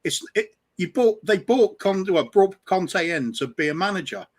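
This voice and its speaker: A man's voice: high-pitched, lively intonation, normal speed. Frank man analysing a football match. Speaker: guest fan on a watch-along stream. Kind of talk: casual football chat over a call.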